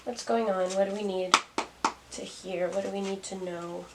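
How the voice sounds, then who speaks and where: A woman's voice: mid-range voice, steady tone, normal speed. A young woman doing a casual tarot reading to camera, musing aloud and laughing at herself. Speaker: tarot reader. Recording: distant mic, faint noise.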